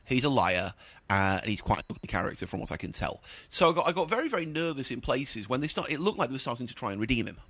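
A man's voice: mid-range voice, very animated, quick pace, fairly bright tone, breathy edge, dry recording. A male film critic, trading casual chat about a film he disliked. His verdicts are scathing and opinionated. The voice sits mid-range and is recorded close and dry, with no room sound.

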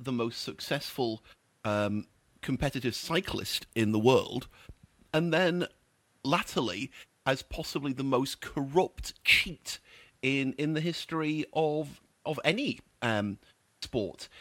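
A man's voice: mid-range voice, expressive, slow, a bit bright, no room sound. A male film critic, trading casual chat about a film he disliked. His verdicts are scathing and opinionated. The voice sits mid-range and is recorded close and dry, with no room sound.

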